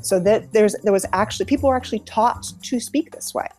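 A woman's voice: medium pitch, darkish tone, faint music behind. A middle-aged woman from New England chatting casually about a TV show, often restarting her sentences. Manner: halting, many restarts. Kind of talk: casual chat.

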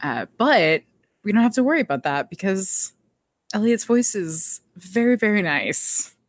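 A woman's voice: mid-range voice, very animated, measured pace, dry recording. Woman co-host, chatty recapper with a light laugh, dry close sound. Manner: chatty, laughs often, quotes characters. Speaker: podcast co-host. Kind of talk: casual recap chat.

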